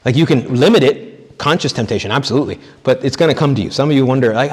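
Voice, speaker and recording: A man's voice: mid-range voice, lively intonation, fast, pauses often, breathy edge. Priest, male, chatty retreat sermon with jokes, long hall reverb. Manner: conversational, joking, acts out quoted people. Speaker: priest giving a retreat talk.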